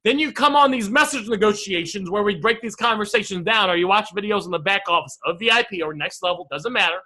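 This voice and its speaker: A man's voice: high voice, fast, bright, forceful tone. A man teaching a casual online negotiation lesson, brash and swearing freely as he keeps talking to his audience as guys. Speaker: sales and negotiation coach.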